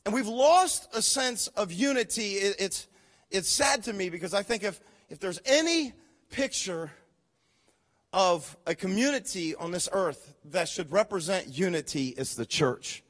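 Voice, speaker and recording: A man preaching a sermon as a pastor. He is emphatic, repeats key phrases and leads call-and-response, going from hushed asides to shouts. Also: high-pitched, expressive, unhurried.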